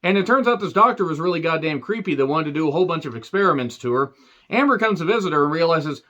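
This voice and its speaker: A man's voice: a little high, expressive, fast talker, a bit bright, highs cut off. A man giving a sarcastic, rambling movie review rant full of asides.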